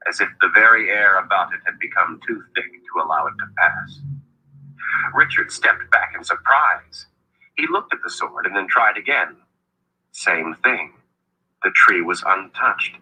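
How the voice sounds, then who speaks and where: A man narrating a fantasy audiobook in a measured, storytelling read. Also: fairly low pitch, animated, bright, forceful tone, husky, rough recording.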